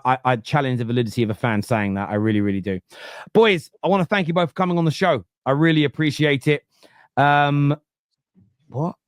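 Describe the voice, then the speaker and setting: A man hosts a casual football talk show, arguing his case with emphasis and frequent restarts. His voice sits at a middling pitch and sounds close and dry, with no room around it. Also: no room sound. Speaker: host. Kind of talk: casual football podcast debate.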